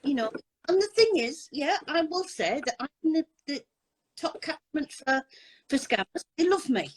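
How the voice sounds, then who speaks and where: A woman's voice: high voice, expressive, measured pace, rough recording. An older woman talking casually and bluntly about scammers on a live chat. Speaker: anti-scam advocate.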